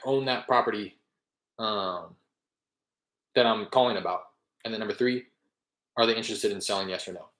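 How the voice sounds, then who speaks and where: A man's voice: on the low side, fairly bright tone, echoey room. A young man in casual talk, explaining his real estate cold-calling method between live calls, rambling a little as he goes.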